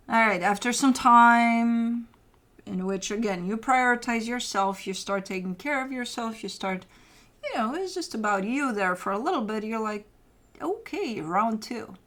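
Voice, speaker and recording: A woman's voice: medium pitch, unhurried, a bit bright. A woman giving a casual tarot reading, talking straight to the listener with loose, sometimes cursing language. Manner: casual, swearing, addresses the listener directly. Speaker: tarot reader.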